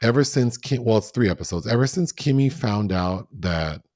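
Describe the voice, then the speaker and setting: Low-voiced man recapping a show, dry sound. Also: normal speed, no echo. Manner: animated, profane, acts out scenes. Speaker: podcast co-host. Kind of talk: casual TV recap chat.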